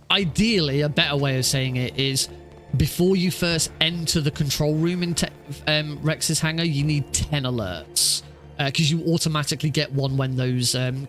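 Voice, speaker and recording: A young male streamer explains his speedrun in loose, rambling commentary full of restarts. His voice sits slightly high. Soft music plays faintly beneath him. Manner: rambling, many fillers and restarts. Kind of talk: live stream game commentary.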